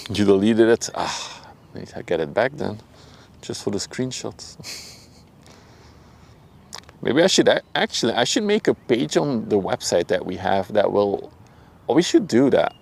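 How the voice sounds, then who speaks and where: Gravelly, low-voiced Dutch man streaming outdoors. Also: a little slow, long pauses. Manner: relaxed, chatty, laughs often, talks to chat by name; speaks softly at times to avoid disturbing people nearby. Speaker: livestream host. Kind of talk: casual live-stream chat. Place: outdoors by a river at sunset.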